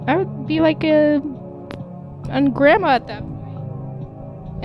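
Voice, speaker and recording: A woman hosting a gaming video, giving loud, jumpy commentary as she plays, swearing and laughing at the scares. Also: high voice, takes it slowly, long pauses, faint music behind. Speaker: gaming channel host. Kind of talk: reactive let's-play commentary.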